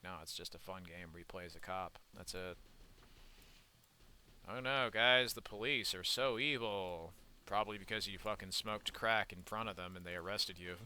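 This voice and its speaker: A man's voice: deep voice, bright, forceful tone. Ranting young man gaming commentary. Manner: rambling, profane, ranting. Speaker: gaming YouTuber. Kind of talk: casual let's-play commentary.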